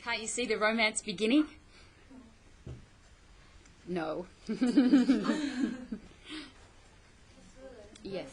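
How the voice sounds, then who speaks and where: A woman's voice: fairly high pitch, animated, extremely slow, pauses often, low-quality recording. A middle-aged woman teaching a play in a classroom, explaining patiently and often checking "okay?" with her students. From Australia. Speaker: English teacher.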